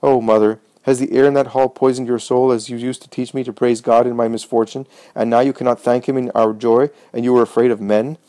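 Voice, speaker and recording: A man's voice: medium pitch, flat delivery, a little fast, few pauses, dark tone, no echo, lightly acted. A man voicing a bold young man healed of blindness, earnest and defiant.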